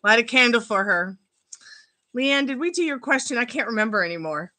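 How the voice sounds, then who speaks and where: Bright, chatty woman. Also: a little high, lively intonation, a little fast, low-quality recording. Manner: chatty and rambling, laughs often. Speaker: tarot reader. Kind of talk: live-stream tarot reading. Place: at home.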